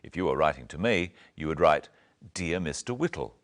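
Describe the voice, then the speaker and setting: Deep-voiced man teaching clearly. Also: animated. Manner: slow, clear teaching delivery. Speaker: presenter. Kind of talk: scripted language-lesson narration.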